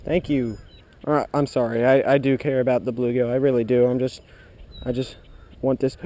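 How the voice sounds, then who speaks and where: An excitable man narrating his own fishing trip outdoors, talking to viewers and cheering at every bite. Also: mid-range voice, fairly quick. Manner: excitable, gasps and cheers at bites. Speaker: fishing vlogger. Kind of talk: excited outdoor vlog commentary. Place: outdoors by a pool of water.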